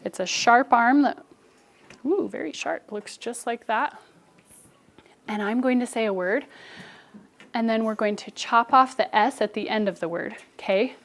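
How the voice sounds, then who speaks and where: A woman's voice: a little high, a little slow, pauses often. A young adult woman teacher leading a phonics lesson with children, coaching them and adding asides to other teachers. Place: classroom. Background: children in class.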